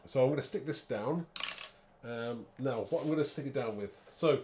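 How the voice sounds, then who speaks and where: Male craft-demo host, mid-pitched, rambling and self-mocking, faint background hiss. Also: moderate pace. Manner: chatty, rambling, thinks aloud; self-mocking, laughs at own muddle. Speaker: card-making demonstrator.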